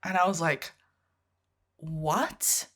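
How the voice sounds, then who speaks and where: A woman's voice: mid-range voice, normal speed, pushed and bright. A Canadian woman co-hosting a podcast, telling a story in casual chat, laughing often and swearing freely. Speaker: podcast co-host.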